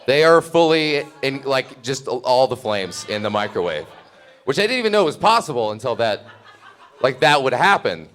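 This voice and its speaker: A man's voice: medium pitch, big pitch swings, moderate pace, fairly bright tone. A young man telling a comic story, rambling and self-mocking, laughing as he goes. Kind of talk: live comedic storytelling.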